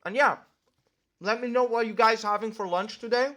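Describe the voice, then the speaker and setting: A man's voice: sits high, normal speed, bright, forceful tone. A young man vlogging casually to the camera while eating lunch at home, rambling with lots of fillers and talking with his mouth full.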